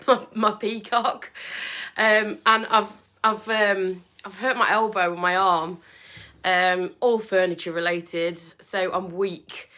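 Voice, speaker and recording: A woman's voice: medium pitch, sharp tone. A woman hosting a casual livestream from home, chatty and self-deprecating, with lots of ums. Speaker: furniture painter and livestream host. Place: home with doors open.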